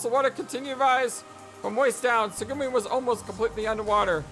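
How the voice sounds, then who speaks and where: Excitable lets play guy reading a visual novel, stammers a lot, bouncy pitch. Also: a little fast, faint music behind. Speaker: let's play host.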